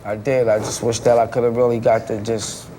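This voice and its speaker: A man's voice: medium pitch, flat delivery, brisk, a little hiss or hum. A man chatting loosely at a reunion, slangy with hesitant restarts. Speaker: show's central bachelor. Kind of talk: casual reunion chat. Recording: loud music and studio crowd.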